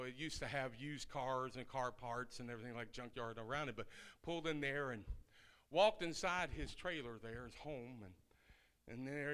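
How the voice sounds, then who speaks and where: A man's voice: medium pitch, fairly bright tone, smooth. A man pastor preaching a sermon, telling a story in a folksy, conversational way.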